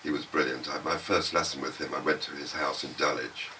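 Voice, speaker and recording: A man's voice: extremely low pitch, steady tone, fairly quick, pushed and bright. An older Englishman, a musician, telling rambling, chatty anecdotes in a documentary interview. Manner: chatty, rambling storyteller who laughs easily. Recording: noisy ambient documentary recording.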